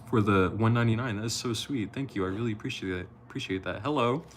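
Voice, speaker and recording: Low, gravelly-voiced man chatting on a live stream. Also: very fast, hardly any pauses, slight background noise. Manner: loose and chatty, swears casually, slips while reading. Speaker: live-stream host reading a novel aloud. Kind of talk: casual live-stream reading and chatting with viewers.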